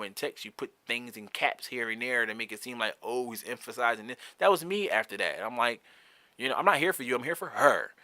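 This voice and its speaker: A man's voice: mid-range voice, bright, forceful tone, dry recording. A young man hosting a solo podcast, talking candidly in a heated, profane, rambling way with frequent restarts. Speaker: podcast host.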